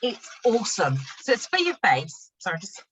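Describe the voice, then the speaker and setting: A woman's voice: mid-range voice, wildly swooping pitch, normal speed, a bit bright, slight background noise, rough recording. A woman running an online training session for new consultants. She talks in a chatty, upbeat way, laughs often and shows products as she explains them. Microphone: video call.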